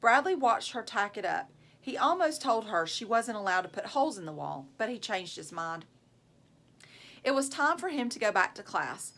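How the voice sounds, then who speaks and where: A woman reads a children's novel aloud to a class, expressive and clear. Her pitch is moderate, and she pauses to ask her listeners questions in a teacherly way.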